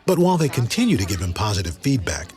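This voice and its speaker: A man narrating a documentary segment in a clear, explanatory scripted delivery. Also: on the low side, big pitch swings, fast talker. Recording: loud background music.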